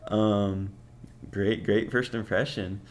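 Low-voiced young man, profane and offhand. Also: steady tone, slow pace, a little hiss or hum. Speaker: podcast host. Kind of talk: casual storytelling.

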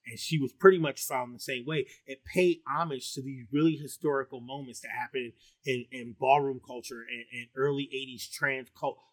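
A middle-aged man with a baritone voice rambles through a loose, profane podcast chat, stoned and full of "like" and "um." His pitch sits mid-range, and the sound is dry and close to the mic. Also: steady tone, moderate pace, few pauses, dry recording. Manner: rambling and profane, heavy with fillers and restarts. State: high on marijuana. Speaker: podcast co-host. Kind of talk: casual chat.

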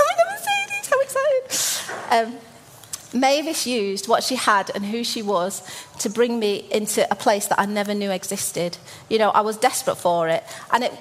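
A woman in her forties delivers a sermon as a personal story, speaking at an ordinary, middling pitch. She is from Birmingham and often pauses with fillers and restarts her sentences. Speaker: church speaker.

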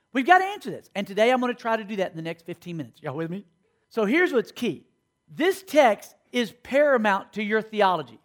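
A man with a strikingly high voice delivers a sermon to students. He keeps checking in with his listeners through call-and-response questions as he preaches. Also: fairly bright tone. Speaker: speaker at a school.

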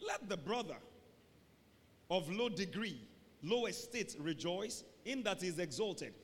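A man preaching a sermon as pastor, animated, swinging from booming shouts to low mocking asides. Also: a little slow. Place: church hall. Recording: reverberant church hall.

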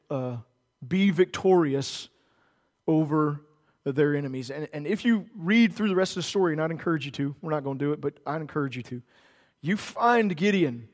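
A man preaching a sermon, animated, acting out the characters of the story in their own voices. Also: fairly high pitch, long reverb tail. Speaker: pastor.

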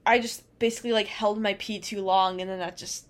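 A woman's voice: mid-range voice, fairly even intonation, brisk. A young woman co-hosting a casual chat podcast, telling a story in a rambling way and laughing often. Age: young adult. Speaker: podcast co-host.

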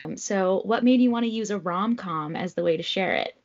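A woman's voice: mid-range voice, fairly quick, dull audio. A young woman hosting a book podcast, chatting enthusiastically with her guest. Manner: enthusiastic, gushing. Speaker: podcast host. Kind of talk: casual interview chat.

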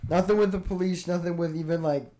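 A young man chatting casually on a podcast, reacting fast and laughing easily. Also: high-pitched, fairly even intonation, dark tone. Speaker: podcast co-host. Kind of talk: casual chat.

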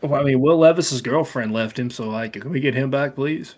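A man's voice: medium pitch, a little fast, a little mellow. A man co-hosting a casual sports podcast, joking and laughing easily as he talks football. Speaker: podcast co-host.

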